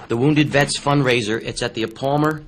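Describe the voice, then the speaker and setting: An older man, a musician appearing as a radio guest, telling stories in an animated, emphatic way. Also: medium pitch, moderate pace. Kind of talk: casual radio interview storytelling.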